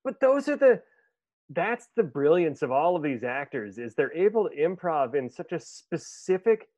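A man's voice: fairly high pitch, normal speed, dry recording. A man hosting a casual podcast chat, retelling movie scenes with frequent laughter and plenty of swearing. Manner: laughs often, swears freely, animated retelling. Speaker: podcast host.

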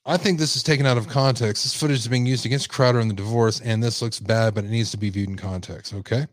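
A man's voice: medium pitch, steady tone, quick pace, no room sound, studio quality. A man hosting a livestream commentary show, talking casually and rambling as he reads viewer comments. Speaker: host.

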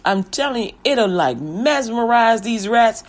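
A woman voicing a slick, smooth-talking male pied piper who cons a town, in cocky street slang. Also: fairly high pitch, animated, measured pace. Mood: boastful.

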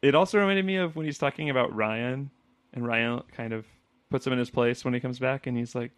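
A man co-hosting a casual chat podcast, chatty and quick to laugh, acting out lines as he talks. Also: mid-range voice, clear, resonant tone, no room sound. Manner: chatty, laughs often, acts out quotes. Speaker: podcast co-host.

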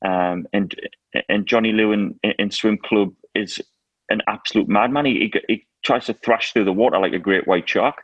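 A man co-hosting a casual chat, telling lively stories and laughing often. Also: fairly low pitch, moderate pace, breathy edge, no room sound, dull audio. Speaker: co-host.

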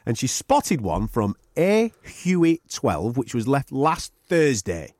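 A man hosting a podcast in casual, sweary banter, his pitch swinging up and down as he talks and laughs. He is recorded close on a dry studio mic with no room sound. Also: huge pitch swings, slow pace, darkish tone, no room sound. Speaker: podcast co-host.

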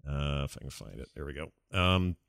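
A man co-hosting a casual gaming podcast, animated and self-deprecating, joking as he talks. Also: extremely low pitch, fairly quick, gravelly, dry recording, clean studio sound. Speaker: podcast co-host.

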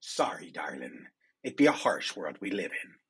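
A man voicing a sly, ruthless male pirate captain in old pirate dialect, husky and raised in pitch. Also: sing-song, fairly quick, fairly bright tone, heavily acted. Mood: scheming. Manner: pirate dialect, drops verbs into "be" and "were".

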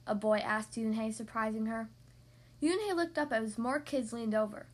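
A woman hosting a podcast, reading a picture book aloud to young children in a gentle, expressive way. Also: a little high, normal speed. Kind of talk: storybook read-aloud for young kids.

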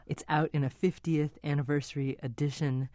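A man hosting an interview, asking smooth, prepared questions. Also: fairly high pitch, flat delivery, moderate pace, dark tone, no echo, clean studio sound. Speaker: interviewer host. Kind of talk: radio interview.

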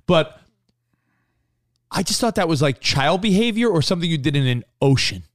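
Man, podcast co-host, casual chat, lively swooping pitch, slightly high, dry close mic. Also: normal speed, no room sound. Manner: animated, laughing, swears freely.

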